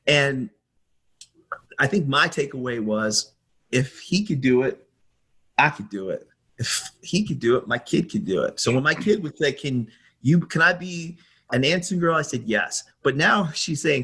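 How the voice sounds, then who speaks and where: Husky middle-aged man telling animated stories. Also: mid-range voice, moderate pace. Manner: animated storyteller who acts out quoted exchanges. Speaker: guest, former basketball team staffer. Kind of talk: storytelling interview answer.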